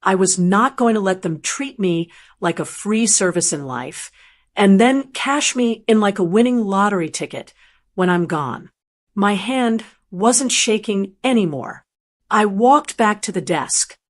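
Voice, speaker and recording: Calm, steady older woman narrating a first-person story in an even, measured way; a scripted storytelling read. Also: mid-range voice.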